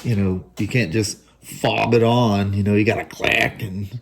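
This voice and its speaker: A man's voice: on the low side, steady tone, unhurried, creaky, dry recording. A middle-aged man, chatting casually in a motorcycle vlog and chuckling often, out on a rainy ride and then at home. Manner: easygoing, talks to himself and the viewers, chuckles often. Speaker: motorcycle vlogger. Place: riding a motorcycle outdoors in the rain, then at home.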